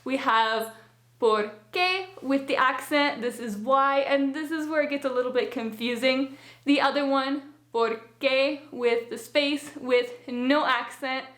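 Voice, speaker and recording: A woman teaches a language lesson, taking each point slowly and reassuringly. Her voice sits high, and the room around her rings with noticeable echo. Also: a bit bright. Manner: patient, reassuring, step-by-step explaining.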